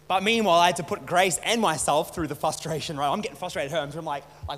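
Male pastor, loose stop-start delivery, high voice, echoing hall with a low hum. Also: fast, fairly bright tone. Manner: casual, repeats and restarts words. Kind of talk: conversational sermon. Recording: long hall reverb, faint hum.

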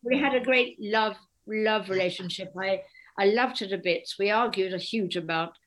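Older woman, interview guest, lively storytelling, mid pitch. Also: normal speed. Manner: animated storyteller, acts out quoted voices. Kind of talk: casual interview chat.

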